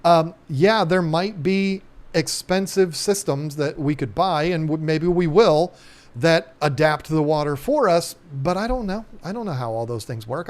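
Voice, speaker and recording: A man with a drawl chats easily on a live stream, his voice sitting a bit high. He rambles along in a folksy way, dropping lots of ums and uhs as he talks. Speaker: aquarium channel host. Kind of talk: casual live-stream chat.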